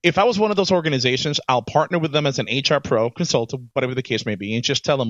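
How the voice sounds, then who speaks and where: A man co-hosting a casual podcast chat as an HR professional, animated and repeating his words as he starts each thought. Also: mid-range voice, very fast, few pauses, no room sound. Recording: dull, slightly lo-fi dry sound.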